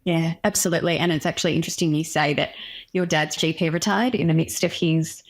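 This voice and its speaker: A young woman, a doctor interviewed as a guest, tells a personal story in a frank and candid way. Her voice sits fairly low, and her feeling shows now and then as she talks. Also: steady tone, fast talker.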